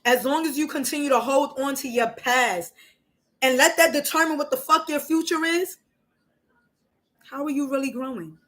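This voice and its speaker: A woman's voice: high-pitched, normal speed, fairly bright tone, rough recording. A woman hosting a casual live stream, talking emotionally and candidly and swearing freely.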